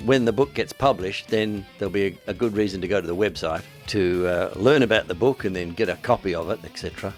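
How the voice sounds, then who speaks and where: A man's voice: low-pitched, fast talker, hardly any pauses, soft background music. A man, an author, rambling casually about his plans, with wry, self-deprecating asides. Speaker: author promoting his book. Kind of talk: casual vlog monologue.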